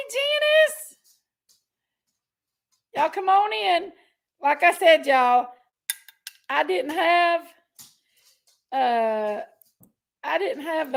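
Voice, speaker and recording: A woman hosts a casual livestream in a high, gravelly voice. She talks at an unhurried pace. She is chatty and affectionate, greeting her viewers warmly by name and with pet names. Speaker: livestream host.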